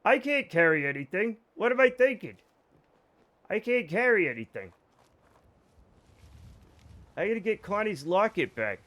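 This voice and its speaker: A man chats loosely with his live viewers while he plays a video game. His voice sits a little higher than most men's, and he rambles, jokes and swears without a second thought. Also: sing-song, measured pace, long pauses, fairly bright tone, muffled recording. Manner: rambling, joking, swears freely. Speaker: streamer. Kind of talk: casual let's-play chat with viewers.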